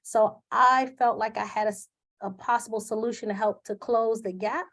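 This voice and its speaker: A woman with a slightly high, a bit bright voice speaks at normal speed in a steady tone. Hosting a live video through her computer's webcam, she's candid, earnest, and emotional, using many fillers.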